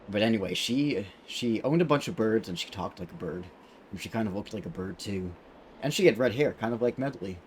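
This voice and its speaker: A man's voice: lowish voice, darkish tone, slight background noise. A man streaming a video game, telling a rambling story with fillers and restarts. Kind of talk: casual let's-play chat.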